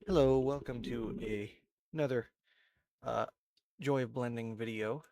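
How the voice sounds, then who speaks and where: A man's voice: mid-range voice, unhurried. A man with a nasal, congested voice from allergies, giving a casual, rambling tutorial into a desk microphone at home and often correcting himself. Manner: rambling, relaxed, self-correcting. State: stuffy with allergies, sniffling and coughing. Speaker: video creator. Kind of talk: casual screen-recorded tutorial.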